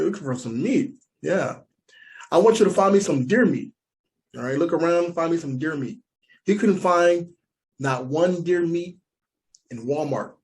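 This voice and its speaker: A man with an American accent telling a stand-up story, animated and repeating lines for emphasis. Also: fairly high pitch. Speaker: stand-up comedian.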